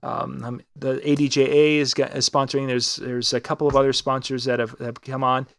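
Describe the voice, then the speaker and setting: A man's voice: mid-range voice, little pitch movement, a little fast, creaky. Upbeat rambling man on a live stream. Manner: rambling, restarts and fillers, upbeat promo talk. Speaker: co-host of a live DJ web show. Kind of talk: casual live-stream chat.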